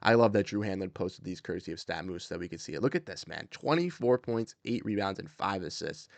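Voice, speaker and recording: A man's voice: sits low, lively intonation, fast, creaky, dry recording. A young man hosting casual sports commentary, fired-up and repetitive, with many fillers.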